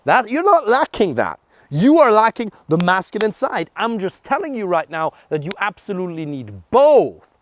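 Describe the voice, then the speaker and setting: A man's voice: sits high, sing-song, moderate pace, a little hiss or hum. A young adult man, a dating coach, giving blunt and emphatic advice in a direct monologue, swearing for emphasis.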